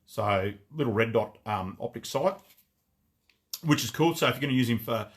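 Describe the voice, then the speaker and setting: A man hosting a live product showcase from a gun shop, excitable and rambling, swearing freely as he talks. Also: mid-range voice, moderate pace, breathy edge. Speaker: gun shop owner and livestream host.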